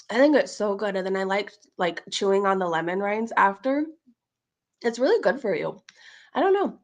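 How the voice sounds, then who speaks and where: A woman's voice: mid-range voice, vocal fry. A woman hosting a casual livestream, chatting to her viewers and laughing often. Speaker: livestream host.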